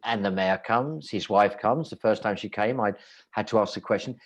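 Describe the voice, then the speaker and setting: A man's voice: fairly low pitch, normal speed. A man, a restaurant owner, telling wry rambling stories in casual chat, often breaking off and restarting. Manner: rambling, self-interrupting, wry.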